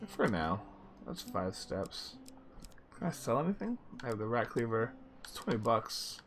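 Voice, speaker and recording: A man's voice: mid-range voice, big pitch swings, unhurried, soft background music. A young man casually commenting on his gameplay, chatty and reacting aloud as he reads game text. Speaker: gaming video host.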